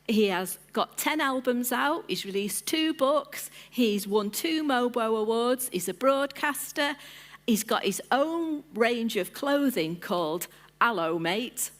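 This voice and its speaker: A woman on her church's lead team, giving an informal sermon, playful and chatty as she calls on the congregation by name. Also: on the high side. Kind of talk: informal sermon with audience interaction.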